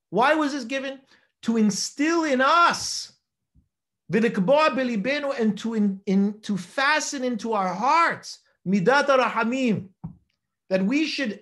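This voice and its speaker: Male rabbi lecturer, high lively voice, emphatic, rhetorical, Torah class. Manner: animated, emphatic, rhetorical questions, quotes Hebrew texts.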